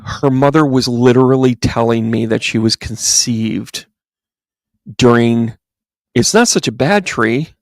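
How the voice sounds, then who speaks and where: During a livestreamed tarot reading and chat, a medium animatedly tells stories and performs the voices of the people he quotes. He speaks unhurriedly in a mid-range voice, recorded dry at studio quality.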